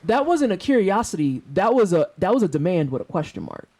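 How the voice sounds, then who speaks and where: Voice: mid-range voice, sing-song, fairly quick, a little mellow. A streamer in their thirties from St. Louis, chatting with viewers during a game, joking and swearing in casual slang. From St. Louis, USA. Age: 30s. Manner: joking, profane, slangy trash talk. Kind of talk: casual live-stream banter with chat.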